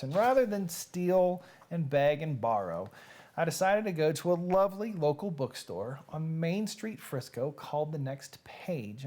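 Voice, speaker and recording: A man with a fairly high, darkish voice hosts a live-streamed reading show, joking and chatting casually right to his viewers. He's an adult whose nieces and nephews have babies of their own.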